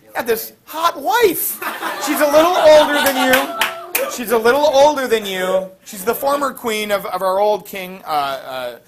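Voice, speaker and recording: A pushy, upbeat townsman, put on by a male teacher, making his pitch with salesy enthusiasm. The voice is high and raised in level. It has a loose, classroom-storytelling feel. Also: very animated, a little slow, a crowd in the background, full character voice.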